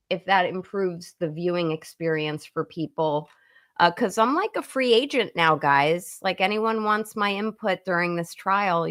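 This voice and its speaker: A woman's voice: medium pitch, sharp tone. A woman speaking as a guest lawyer, giving long, earnest run-on explanations in casual chat over a remote call into a live stream.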